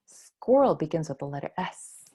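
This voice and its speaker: Animated woman leading preschool storytime. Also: fairly low pitch, slow pace, highs cut off, a little hiss or hum. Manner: animated, gasping, sing-song for small children. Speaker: children's librarian.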